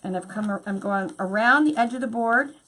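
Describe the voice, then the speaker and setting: A woman's voice: a little high, fairly quick, a bit bright. A woman hosting a craft tutorial, chatty and bubbly as she explains each step while working. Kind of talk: hands-on craft demonstration.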